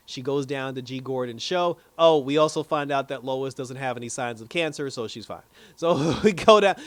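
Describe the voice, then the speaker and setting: A man giving a chatty, animated recap and review of a TV episode, often restarting his sentences. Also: a little high, dry recording.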